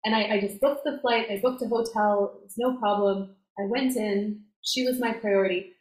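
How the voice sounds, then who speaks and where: Animated woman coach in an echoey room. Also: mid-range voice, normal speed. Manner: animated, filler-heavy, acts out quoted voices. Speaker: success coach guest. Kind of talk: casual conversational interview. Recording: roomy echo, faint noise.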